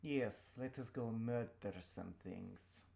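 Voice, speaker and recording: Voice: mid-range voice, expressive, normal speed, close to an everyday voice. A man voicing a grumpy, vengeful female rogue with curt, dry replies in a tabletop game.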